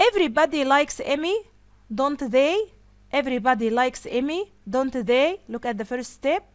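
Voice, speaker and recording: A woman teaching an English grammar lesson, slowly repeating each example sentence. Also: sits high, clear, resonant tone, no echo.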